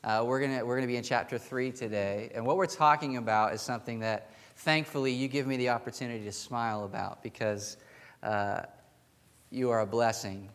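A man's voice: mid-range voice, fairly bright tone. A male pastor preaching a conversational sermon in a church, telling a story with restarts and chuckles. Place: church sanctuary with pews. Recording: long hall reverb in a church.

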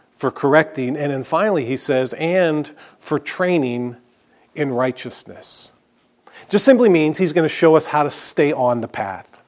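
A middle-aged male pastor with a slightly high voice preaches a sermon, telling stories conversationally and dropping to a hush on key phrases.

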